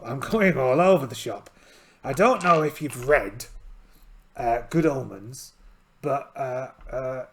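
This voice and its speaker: A man with a gravelly, creaky voice plays a solo tabletop game aloud and explains the rules as he goes. His pitch sits in an ordinary middle range for a man. He talks in a chatty, rambling way and pokes fun at himself often. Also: a bit bright. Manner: chatty, rambling, self-deprecating. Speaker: solo game player and channel host.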